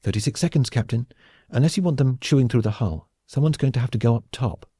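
A man's voice: mid-range voice, fast, dark tone, slightly rough, dry recording, pitched above the performer's own voice, close to an everyday voice. A man voicing a dry, sarcastic young woman pilot in an audiobook. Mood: sardonic. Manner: dry, sarcastic, matter-of-fact.

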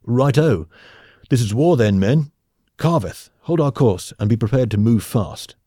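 A man's voice: mid-range voice, lively intonation, unhurried, mellow, husky, no room sound, clean studio sound, pitched above the performer's own voice. A man voicing a pompous, blustering male space captain in an audiobook, with a bluff, clipped, commanding manner.

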